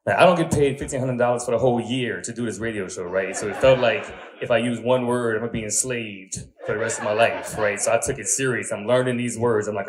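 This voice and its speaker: A man's voice: medium pitch, quick pace, hardly any pauses, crowd noise. Man in his thirties doing stand-up. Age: 30s. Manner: conversational storytelling, crude punchlines, frequent "right?" asides. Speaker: stand-up comedian. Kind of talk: stand-up comedy set.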